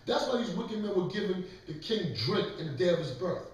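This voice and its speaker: In an echoey room, caught by a far-off microphone, a man preaches and runs a scripture class, lecturing forcefully and calling for readings. His high-sitting voice is animated and brisk.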